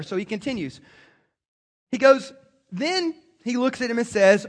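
A man preaching a sermon to a congregation, animated and acting out quoted voices. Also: very high voice, moderate pace, pauses often. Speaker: pastor.

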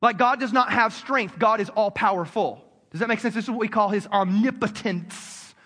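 A man's voice: sits high, moderate pace, fairly bright tone. A man preaching a sermon as a pastor, talking to his congregation in a loose, conversational way full of repeats and asides. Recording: long hall reverb.

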